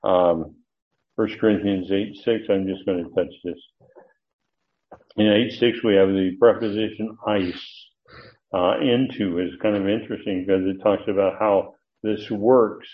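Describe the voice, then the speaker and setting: An older man teaching a verse-by-verse Bible lesson, halting with many fillers and sudden emphatic rises. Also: on the low side, fairly even intonation. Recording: tinny phone-like recording.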